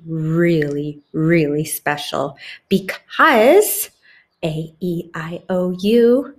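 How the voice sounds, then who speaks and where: A woman teaching a phonics lesson to young children, slowly and clearly sounding out each letter and word. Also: on the low side. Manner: slow, exaggerated sounding-out of letters. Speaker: kindergarten teacher.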